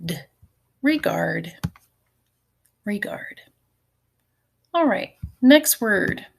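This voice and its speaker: A woman's voice: medium pitch, sing-song, drawn-out words, vocal fry, a little hiss or hum. A middle-aged woman teacher giving a recorded phonics lesson, patiently sounding out syllables and letters for her students.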